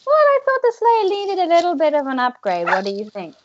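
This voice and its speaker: A woman voicing a sly, glamorous woman with a magic cane in a tabletop game, talking in a smooth, teasing, theatrical manner. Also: high-pitched, wildly swooping pitch, fairly quick, lo-fi sound, a little hiss or hum, voice pushed up.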